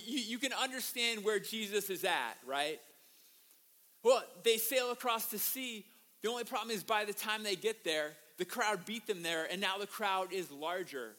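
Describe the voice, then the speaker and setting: A man pastor delivering a sermon in a high, bright, forceful voice. He tells stories with animation and keeps turning to the congregation with rhetorical questions. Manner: animated storytelling, asks the audience rhetorical questions.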